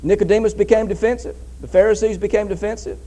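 A man's voice: sits high, fairly even intonation, fast, warm tone, poor audio. A man preaching a sermon in an emphatic way, repeating phrases for stress and reading scripture aloud.

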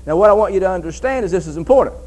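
High-voiced emphatic preacher. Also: male voice, lively intonation, rapid-fire, a little mellow, rough recording. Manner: emphatic, repeats phrases, reads scripture aloud. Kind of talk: sermon.

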